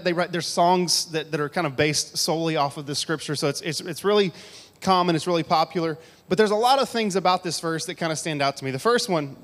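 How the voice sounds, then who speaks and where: A man preaching a casual, conversational sermon to a congregation on a handheld mic, with joking asides. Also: fairly high pitch. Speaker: pastor. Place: church hall with audience. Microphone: handheld microphone. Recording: long hall reverb.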